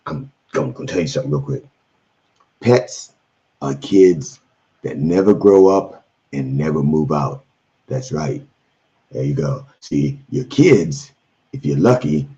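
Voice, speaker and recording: A man's voice: rumbling low, warm tone. A man hosting an irreverent comedy sermon stream, with bawdy preacher patter and rambling asides. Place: on the road, in a room away from home. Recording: dull lo-fi stream audio.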